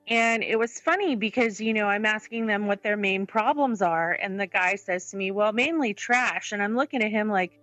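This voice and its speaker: A woman telling an anecdote in an animated way, acting out quoted lines and often saying "you know". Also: mid-range voice, no echo, poor audio. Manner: animated, acts out quoted exchanges, says "you know" a lot. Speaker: interviewee. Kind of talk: anecdotal storytelling.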